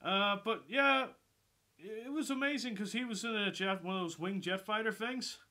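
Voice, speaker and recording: Male vlogger, casual film review, sweary and excitable, high pitch, sharp tone. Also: normal speed. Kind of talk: casual movie review vlog.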